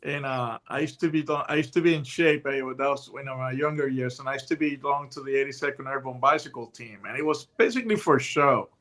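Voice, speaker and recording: A man in his sixties, a retired hostage negotiator, telling stories in a casual, animated way and acting out the voices in them. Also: medium pitch, brisk, hardly any pauses. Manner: animated storyteller who acts out voices in his tales. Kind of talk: casual anecdotal storytelling.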